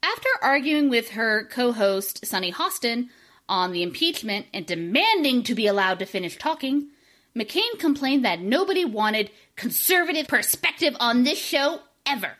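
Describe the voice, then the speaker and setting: A woman's voice: on the high side, sing-song, normal speed, a bit bright. A woman hosting a casual comedic podcast, reading out notes with playful sarcasm. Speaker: podcast host.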